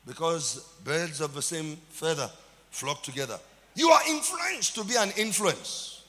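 A man's voice: fairly high pitch, very animated, a little slow, a bit bright, in a large hall. A man with a Nigerian accent, a pastor preaching a sermon with dramatic emphasis and calls out to the congregation.

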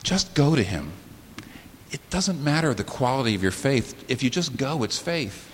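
A man preaching a sermon as the pastor, swinging from low, slow, weighty phrases to sudden high, loud outbursts. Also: big pitch swings. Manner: impassioned preaching with sudden rises in pitch and volume and slow, weighty pauses. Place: church sanctuary. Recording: sermon in a large reverberant hall with faint hiss.

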